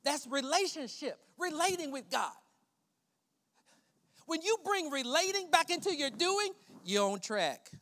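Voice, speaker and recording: A male pastor preaching a sermon, swinging between loud emphatic preaching and hushed, prayerful murmurs. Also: very high-pitched, sing-song, a little slow. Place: church sanctuary. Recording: long church hall reverb.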